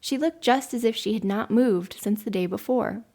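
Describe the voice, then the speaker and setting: Gravelly woman reading a story aloud. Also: fairly high pitch, darkish tone. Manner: measured storytelling. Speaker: podcast host.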